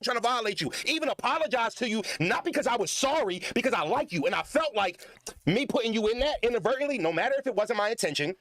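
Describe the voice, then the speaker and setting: High, lively, fast-talking defensive man. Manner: confrontational, defensive. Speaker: livestreamer in a played clip. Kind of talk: heated livestream argument.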